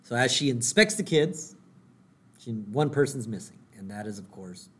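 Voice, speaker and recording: A man at a middle pitch retells a cartoon episode in an easygoing podcast chat. He keeps asking his co-host "right?" as he walks through each scene. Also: animated, moderate pace, fairly bright tone, breathy edge. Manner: chatty, often asks "right?". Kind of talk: casual episode recap.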